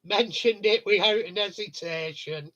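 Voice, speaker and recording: Hosting a laid-back live stream chat, this man speaks slowly in a voice that's high for a male. He wanders through long stories, chuckling as he goes. The sound is a little bright, with the top frequencies cut off.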